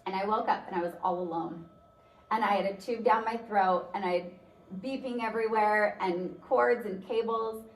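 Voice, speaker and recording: A woman gives a motivational talk, sharing a personal story conversationally with lots of fillers. Her mid-range voice holds a steady tone at normal speed, recorded roomily on a distant mic with faint noise.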